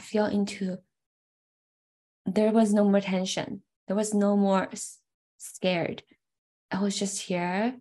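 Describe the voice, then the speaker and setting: A woman's voice: medium pitch, darkish tone. A young adult woman telling a personal memory in an earnest, heartfelt way, often saying "like" and "right". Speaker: personal storyteller. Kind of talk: reflective personal story.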